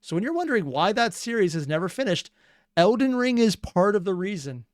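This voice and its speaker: A man hosting a reaction video, chatting casually with rambling, excitable asides. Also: high voice, fairly quick, dry recording, studio quality. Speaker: reaction channel host.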